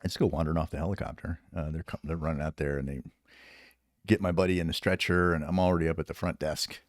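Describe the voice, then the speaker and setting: Low gravelly-sounding dude on a podcast telling army stories, swears a lot, dead dry mic. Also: male voice, steady tone, fast, dry recording. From United States. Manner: profane, rambling, laughs often. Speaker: retired special operations soldier, podcast guest. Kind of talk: casual storytelling.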